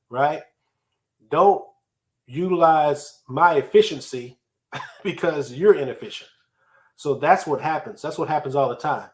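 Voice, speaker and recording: A man's voice: fairly high pitch, a little mellow. A man hosting a solo motivational talk on time management, conversational and emphatic, repeating key phrases for effect. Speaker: podcast host teaching time management.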